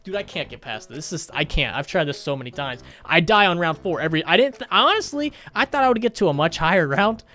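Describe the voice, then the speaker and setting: A man's voice: fairly high pitch, very animated, quick pace, hardly any pauses, pushed and bright. A man ranting in profane, rambling gameplay commentary as a gaming YouTuber.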